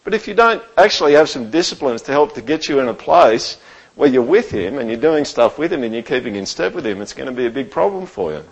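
A man's voice: medium pitch, very animated, fast, slightly rough, muffled recording. A man preaching a sermon in a church, talking conversationally and often checking in with the room. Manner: conversational, keeps asking the room "right?". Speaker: pastor.

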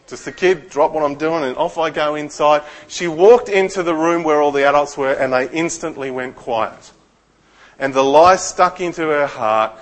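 A man's voice: on the high side, moderate pace. A middle-aged man with an Australian accent, a pastor preaching a sermon in a conversational storytelling way and asking his listeners questions.

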